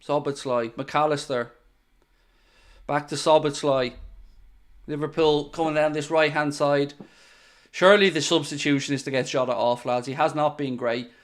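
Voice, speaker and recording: Excitable male football watchalong streamer. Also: fairly high pitch, normal speed, pauses often. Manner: excitable, bursts into loud groans at near misses, chatty asides to viewers. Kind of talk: live match commentary with chat.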